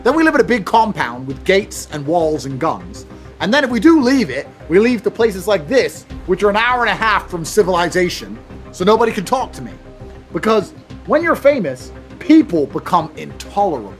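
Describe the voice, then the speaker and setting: Guy ranting and swearing, highish voice swinging up and down a lot. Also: very animated, normal speed. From England. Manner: blunt, swearing, acts out both sides of exchanges. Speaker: motivational speaker. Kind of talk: profane storytelling rant. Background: faint music.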